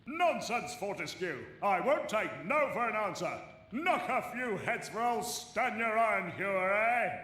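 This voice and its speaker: An actor playing a hearty, jovial old warrior hero with a British accent, talking in a blustery, chummy way. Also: male voice, sits high, animated, measured pace, bright, forceful tone, slight background noise, heavily acted. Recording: roomy game audio from a distance.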